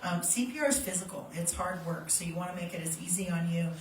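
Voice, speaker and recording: A woman's voice: on the low side, fast. A woman instructor teaching first aid and CPR to a live workshop group through a handheld microphone, plain and practical, demonstrating as she talks. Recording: echoey room, mic held at a distance, faint ambient noise.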